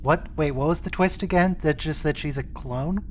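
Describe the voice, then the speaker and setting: A man's voice: a little high, moderate pace, a little mellow, slight background noise. Dry-humored man hosting a watch-along. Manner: dry, counts down playback. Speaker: stream host. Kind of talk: casual watch-along chat. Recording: voice chat call.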